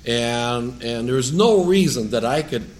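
A lay preacher with a New England accent reads scripture aloud, then teaches in a plain, chatty way. His voice sits at an average pitch for a man. He drifts into joking asides as he speaks from the pulpit of a church. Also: animated, slow pace, a little mellow, slight background noise. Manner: conversational and rambling, with joking asides. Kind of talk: sermon with scripture reading.

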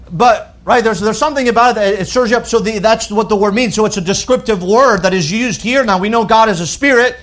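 A middle-aged pastor preaching in a loose, conversational way, often restarting his phrases. His voice sits notably high for a man. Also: fairly quick, fairly bright tone. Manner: conversational preaching, paraphrasing scripture in plain speech, with verbal restarts. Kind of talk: sermon.

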